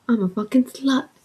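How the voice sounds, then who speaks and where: A young woman vlogger telling a casual story with animated, swearing delivery, sometimes slipping into a soft breath. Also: high-pitched, husky, poor audio. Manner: animated, swears freely, acts out quotes.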